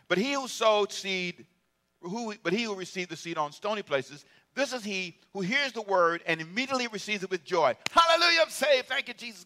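A pastor preaching a lively, humorous sermon with call-and-response. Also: male voice, high voice.

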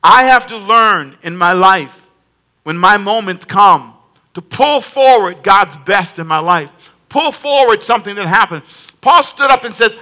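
Pastor, male, high ringing voice, lively preaching that calls on the congregation to answer. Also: a little slow. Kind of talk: sermon.

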